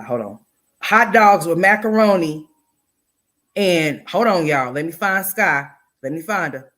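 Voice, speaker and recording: Woman host, commentary stream, blunt and profane, lowish bright voice, talks to chat. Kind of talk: casual reaction commentary to live chat.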